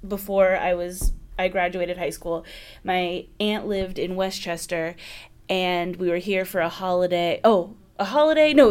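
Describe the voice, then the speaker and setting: A woman in her thirties, a guest in casual chat, telling stories in an animated, theatrical way and laughing often. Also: mid-range voice.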